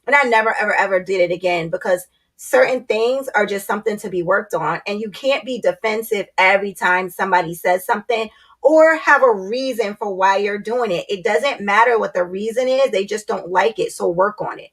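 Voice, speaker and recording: A woman's voice: medium pitch, a little fast, husky. A woman vlogger giving blunt, candid relationship advice in a casual talk to camera, speaking straight to her viewers.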